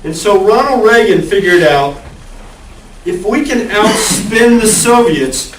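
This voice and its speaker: A male college lecturer teaches a class in an echoey room, recorded from far away with background noise. His voice sits high and sounds animated at a slow pace, and he keeps things conversational by asking the class questions.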